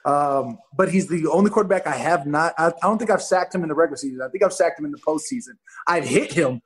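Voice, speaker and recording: A man chatting as a guest on a podcast, telling animated stories and acting out quoted voices. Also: a little high, quick pace. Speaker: guest football player. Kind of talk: casual podcast chat.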